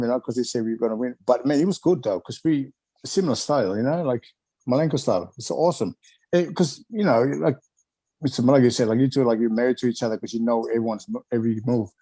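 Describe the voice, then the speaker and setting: A man's voice: mid-range voice, warm tone, no echo. A middle-aged man from Wales, a retired wrestler, reminiscing in a rambling, chuckling way with lots of filler phrases.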